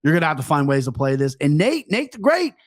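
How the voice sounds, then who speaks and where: A man's voice: a little high, very animated, fast talker, no room sound, studio quality. Chatty man breaking down fights. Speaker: podcast co-host. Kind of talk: casual sports podcast chat.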